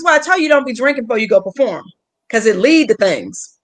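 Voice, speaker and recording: A young woman comedian with an Atlanta accent, chatting in a casual interview over a call, animated and joking. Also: a little high, fast. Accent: Southern US, Atlanta. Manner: animated, joking, slips into put-on voices. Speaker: comedian guest. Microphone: phone or video call.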